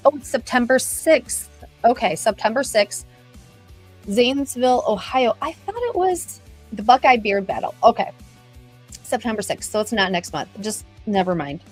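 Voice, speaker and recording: A middle-aged woman hosting a casual live stream, chatting upbeat and greeting viewers by name as she reads the chat. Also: medium pitch. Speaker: livestream host reading viewer chat.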